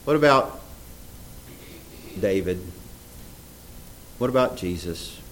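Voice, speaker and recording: A man's voice: on the low side, takes it slowly, slight background noise, poor audio. A man preaching a sermon, reading scripture aloud and asking the audience questions. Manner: animated, reads scripture aloud in old English, asks the audience questions.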